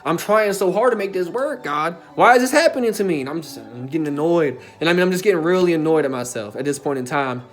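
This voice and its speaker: A man's voice: on the high side, lively intonation, fast, few pauses. A young man telling a personal story in a casual, emphatic way, as a self-development coach. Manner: casual and emphatic, with frequent filler tags and swearing.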